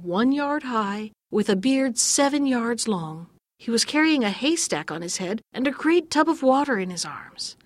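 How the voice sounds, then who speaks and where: A woman's voice: on the high side, dry recording. Woman reading a fairy tale aloud. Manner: measured, gently expressive reading. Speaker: storyteller. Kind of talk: scripted narration of a fairy tale.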